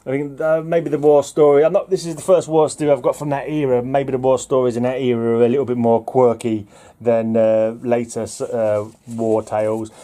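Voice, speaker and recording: A man's voice: medium pitch, level tone, fairly quick, mellow. A man casually rambling about comic books he owns, chuckling and restarting his sentences as he goes. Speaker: vlogger reviewing old comic books. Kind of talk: casual chat.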